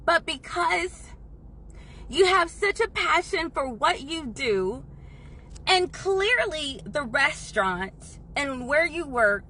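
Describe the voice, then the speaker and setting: A woman's voice: sits high, pushed and bright, a little hiss or hum. A woman telling an emotional story to camera, earnest and effusive. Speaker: vlogger.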